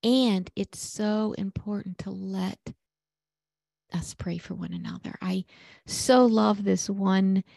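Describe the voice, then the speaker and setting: Slow, gravelly, half-whispering woman preacher. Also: mid-range voice, steady tone, dry recording, clean studio sound. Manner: soft, often half-whispered, meditative; conversational with fillers, storytelling. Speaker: prayer podcast host. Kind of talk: spiritual teaching and guided prayer.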